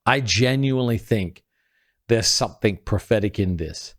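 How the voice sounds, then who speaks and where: Earnest man teaching scripture in conversation. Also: normal speed. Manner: earnest, builds points step by step; drops quiet and low when quoting scripture. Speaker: podcast co-host.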